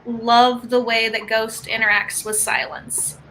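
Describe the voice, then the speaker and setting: A woman's voice: fairly high pitch, a little slow, poor audio. A woman chatting as a guest on a group call, telling a story and acting out what she said. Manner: storytelling, animated quoting of herself. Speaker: guest in writing group stream. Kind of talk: casual chat.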